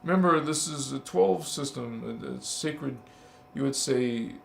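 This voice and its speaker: A man's voice: medium pitch, measured pace, gravelly, reverberant, slight background noise. A man hosting a casual spiritual livestream, teasing and emphatic, laughing often as he talks to viewers.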